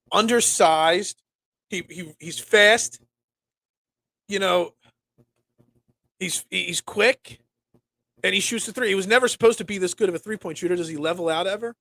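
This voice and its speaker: A young man hosting a casual solo sports talk show, rambling and animated with lots of restarts. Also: sits high.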